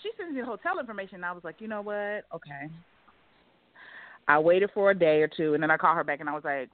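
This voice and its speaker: Animated woman author on a tinny call. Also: on the low side, fast, no room sound. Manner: animated, acts out both sides of conversations with quoted voices. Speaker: guest author. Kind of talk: casual storytelling in an interview. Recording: phone-like dry sound.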